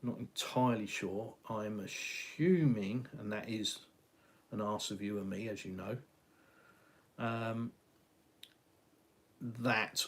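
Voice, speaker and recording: Rambling through viewer comments on his live stream, a middle-aged Englishman keeps up a chatty flow, stopping and restarting with many fillers. His fairly low voice is husky, and his southeastern accent has a slight West Country twang.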